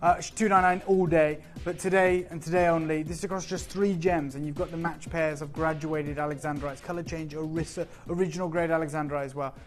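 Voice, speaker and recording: A man's voice: a little high, fairly even intonation, fairly quick, hardly any pauses, faint music behind. A man presenting on a live TV shopping channel, talking up gems with urgent, persuasive energy in a studio. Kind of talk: live TV sales pitch.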